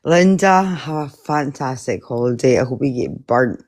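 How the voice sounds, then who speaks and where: A woman's voice: a bass voice, animated, moderate pace, a little mellow. A woman viewer on a live stream saying goodbye in a cheeky, sweary way, laughing often and calling people darling. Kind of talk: casual goodbye chat.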